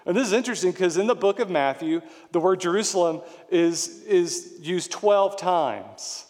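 A middle-aged male pastor delivers a sermon, earnest and explanatory, leaning on repeated words for emphasis. His voice sits a little high for a man. The sound carries a long reverb, as in a church hall. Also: expressive, moderate pace, darkish tone.

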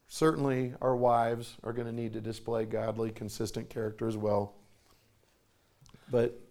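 A man in his forties preaching a sermon in a folksy, animated storytelling way, often repeating himself for emphasis. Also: mid-range voice, creaky. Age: 40s.

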